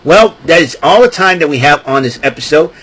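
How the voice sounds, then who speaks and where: A man's voice: a little high, lively intonation, brisk, fairly bright tone, poor audio. A man hosting a casual wrestling recap show, talking in a rambling, chatty way. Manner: rambling, chatty, breaks into laughing fits.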